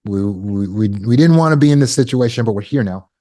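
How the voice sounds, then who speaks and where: A man coaching a live online class, encouraging and checking in with "right?" and quick praise. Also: lowish voice, expressive, warm tone. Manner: encouraging, affirms with "good" and "right?". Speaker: healing coach. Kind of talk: live online teaching session. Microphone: video call.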